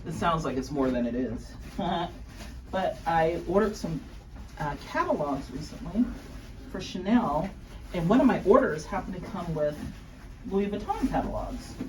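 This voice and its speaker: A woman's voice: on the low side, lively intonation, unhurried, a little mellow, a little hiss or hum. A woman chatting casually at home as she unboxes luxury goods, gushing with gasps and exclamations.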